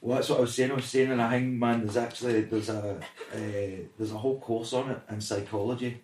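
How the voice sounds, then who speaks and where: A man's voice: medium pitch, flat delivery, fast talker, darkish tone, echoey room, distant mic, a little hiss or hum. A Scottish man, a guest rapper, talking bluntly with lots of swearing in a casual chat. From Scotland.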